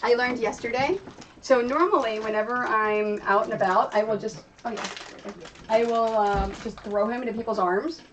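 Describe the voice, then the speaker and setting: A rambling, chatty woman talks through her sewing at home. Her voice sits a little high and comes from across the room. A faint hiss runs under it. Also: moderate pace. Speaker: streamer and quilter. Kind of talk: casual chat while sewing. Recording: distant mic with faint noise.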